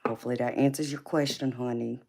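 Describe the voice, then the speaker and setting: Speaking quickly in a rumbling low, creaky voice with a darkish, steady tone, a woman hosts a casual live stream. She reads tarot, talks in a heavy Southern drawl from her Georgia upbringing (she's from California), and warmly calls her viewers sweetheart, honey and babe.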